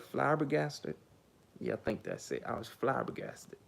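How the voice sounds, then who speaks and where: A man's voice: medium pitch, big pitch swings, a little slow, vocal fry, breathy edge. A man telling a casual story in a blunt, profane, rambling way, full of fillers. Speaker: vlogger.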